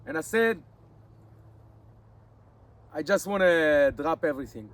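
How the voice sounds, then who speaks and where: A man in his forties with an Israeli accent, a native Hebrew speaker, talking casually to his camera outdoors in the mountains in halting English, his mouth dry from fasting. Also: fairly high pitch, lively intonation. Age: 40s. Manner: rambling, restarts often, halting English. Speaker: nomad vlogger. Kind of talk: casual vlog monologue.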